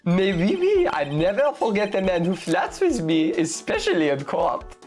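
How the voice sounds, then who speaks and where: A woman's voice: mid-range voice, wildly swooping pitch, a little mellow, soft background music. A woman voicing a flamboyant male restaurant owner with a put-on French accent, theatrical and flirty, reading a video game's lines. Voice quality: theatrical, flirty, drawn-out vowels.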